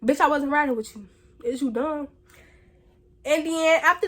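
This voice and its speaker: A young woman vlogger telling a story in a casual, blunt, profane way, animated and slangy. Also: high-pitched, a little slow.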